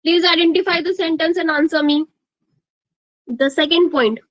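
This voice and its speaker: High-pitched Indian English woman teaching grammar. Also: steady tone, normal speed, no echo, highs cut off. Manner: drilling students with questions, mixing in Hindi. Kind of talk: live online grammar class.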